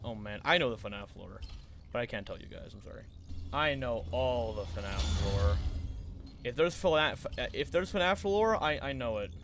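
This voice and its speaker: A man's voice: mid-range voice, expressive, normal speed, fairly bright tone, a little hiss or hum. A young man chatting casually and jokingly while live-streaming a speedrun, often laughing.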